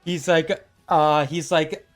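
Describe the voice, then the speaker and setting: Male game master, rambling, filler-laden fight narration, high-ish voice. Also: steady tone, slow pace, music in the background. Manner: rambling, filler-heavy narration with bursts of laughter.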